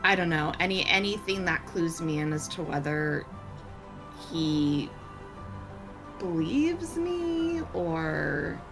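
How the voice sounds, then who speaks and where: A woman's voice: deep voice, lively intonation, slow pace, gravelly, music in the background, poor audio. A woman playing in a tabletop game, asking questions in a hesitant, trailing way. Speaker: player. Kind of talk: casual tabletop play.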